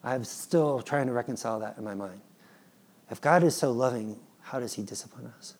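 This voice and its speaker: A man in his thirties, a father, preaching a sermon in an animated, playful way and acting out his children's pleading. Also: medium pitch, a little fast. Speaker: pastor.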